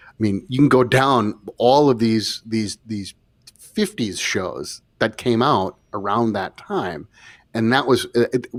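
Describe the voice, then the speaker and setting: A man with a fairly low voice co-hosts a casual podcast. He talks emphatically and cuts in often, and his "ums" sink low and soft. The sound is dry and close to the mic. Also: no echo. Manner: emphatic, talks over his partner, trails into low murmured fillers. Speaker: podcast co-host. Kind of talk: casual discussion.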